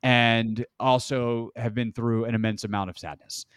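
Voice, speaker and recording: A man's voice: mid-range voice, flat delivery, normal speed, fairly bright tone, clean tone, dry recording, clean studio sound. A man hosting a sports podcast, chatting casually and rambling with lots of "um" and "like". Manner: rambling, heavy on "um" and "like". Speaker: sports radio and podcast host.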